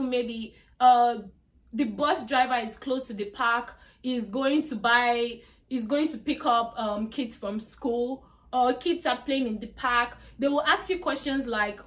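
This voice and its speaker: A woman's voice: on the high side, measured pace, a bit bright. Chatty young woman giving exam tips. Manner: chatty, repeats "like" and "you get me". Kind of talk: casual talk to camera.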